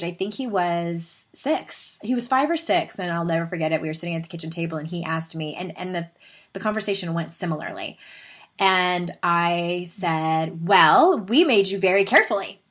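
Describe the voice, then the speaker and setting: A woman in her thirties with a Southern California accent hosts her podcast as a casual monologue. She tells stories in a chatty, animated way with laughing asides. Her voice sits a little low for a woman. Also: normal speed. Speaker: podcast host.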